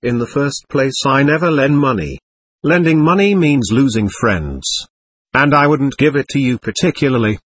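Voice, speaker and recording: A fluttery, gushing society lady, as a male narrator puts her on, airily sweet and condescending, her voice rising and falling in lively swoops. The tone is slightly husky and sits close and dry, with no room around it. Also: medium pitch, normal speed, no room sound. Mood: airily dismissive. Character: gushing, flighty society lady, middle-aged.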